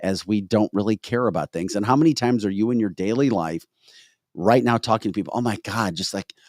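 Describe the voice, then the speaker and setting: A man's voice: fairly low pitch, fairly quick, a little mellow, dry recording, studio quality. A man hosting a casual political talk show, talking animatedly and reading out viewer comments. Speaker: host.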